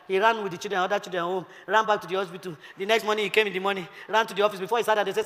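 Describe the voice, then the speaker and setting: A woman's voice: medium pitch, steady tone, racing, hardly any pauses, a bit bright, big-room sound. A woman pastor preaching emphatically, firing rhetorical questions and telling stories. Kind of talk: sermon.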